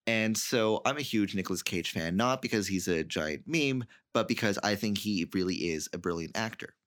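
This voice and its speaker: A man's voice: on the low side, expressive, normal speed, a bit bright. A man co-hosting a casual chat, hesitant and repeating words as he starts. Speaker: podcast co-host.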